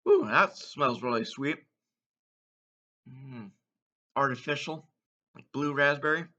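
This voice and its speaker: A man taste-testing candy in a casual vlog, exuberant, letting out whoops between slow, savoring remarks. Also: mid-range voice, pushed and bright, highs cut off. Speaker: candy taste-test vlogger. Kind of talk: casual taste-test commentary.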